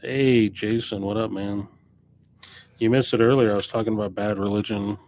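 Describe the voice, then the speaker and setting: A record store owner chats on a live stream about new arrivals, rambling off the cuff and often correcting himself mid-sentence. His voice is lowish and slightly mellow, with a steady tone and moderate pace, and the recording has no room sound.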